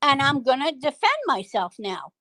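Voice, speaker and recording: A woman's voice: high voice, sing-song, moderate pace, a crowd in the background, rough recording. A woman on a voice call panel defending herself, insisting that she be allowed to finish speaking. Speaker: panel member. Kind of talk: heated argument on an online voice panel.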